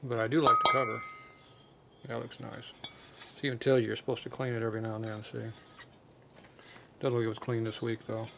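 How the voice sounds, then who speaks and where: A man's voice: medium pitch, level tone, fairly quick, vocal fry, long pauses. A man working as a motorcycle mechanic, giving casual, blunt commentary and muttering to himself as he works in a repair shop. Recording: noisy workshop with clanking tools.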